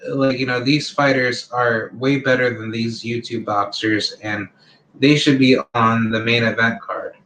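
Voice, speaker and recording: Channel host, male, 30s: slow, unhurried delivery, blunt and rambling, filler-heavy. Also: medium pitch, a bit bright, a little hiss or hum, rough recording. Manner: rambling, full of fillers like "you know" and "like"; opinionated, blunt. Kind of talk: casual opinion monologue.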